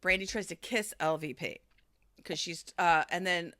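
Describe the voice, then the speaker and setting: Bright-voiced woman recapping reality TV. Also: on the low side, normal speed, no echo. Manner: chatty storytelling, acting out quotes, swearing freely. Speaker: podcast host.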